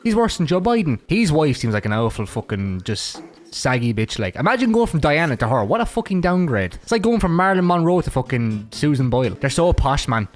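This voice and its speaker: A man's voice: fairly high pitch, very animated, brisk. An Irish man giving crude, mocking reaction commentary, swearing freely as he riffs on clips and memes. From Ireland.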